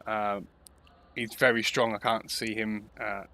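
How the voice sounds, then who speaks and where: A man talks through an online race with a bright, forward voice. He keeps the commentary loose and chatty, poking fun at himself between calls. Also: fairly low pitch, little pitch movement, measured pace. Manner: chatty, laughs often, self-deprecating. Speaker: sim racing commentator. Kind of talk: casual live commentary banter.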